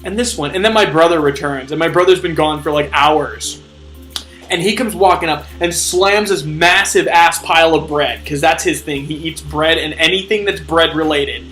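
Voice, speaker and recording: A young man doing a comedic rant vlog, animated and swearing, acting out his own inner voice. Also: fairly high pitch, normal speed, soft background music. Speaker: vlogger ranting.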